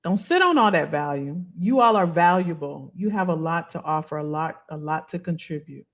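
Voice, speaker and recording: This woman coaches careers over a live stream, speaking right to her audience in an emphatic, lively manner while reading comments offhandedly. She sits low in pitch and keeps a moderate pace.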